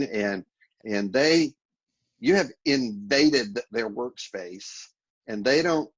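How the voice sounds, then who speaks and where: A man with a husky voice speaks in a relaxed, advice-giving way, restarting phrases as he goes. The audio is dull and lo-fi, like a remote call. He sounds like a guest on a casual interview. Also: medium pitch.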